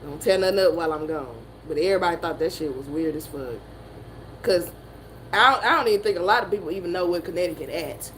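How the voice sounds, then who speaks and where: A woman with a Southern American accent, telling a story in a profane, animated way and laughing often. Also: on the low side, quick pace, a little hiss or hum, low-quality recording. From Southern United States. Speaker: motivational streamer. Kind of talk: casual storytelling chat.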